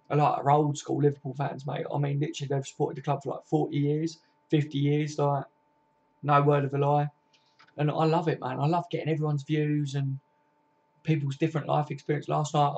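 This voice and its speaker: During a relaxed live stream, a twenty-something football fan from Kent, England responds to viewers by name after reading their comments, cursing casually like he's talking to mates. His voice is a little high with a darkish tone and a breathy edge, heard over dull, low-fidelity audio.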